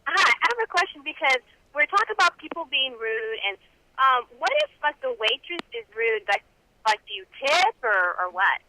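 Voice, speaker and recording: High, bright-voiced woman caller on phone. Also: sing-song, normal speed, a little hiss or hum. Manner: hesitant, full of "like". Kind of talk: phone-in question. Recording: tinny phone line.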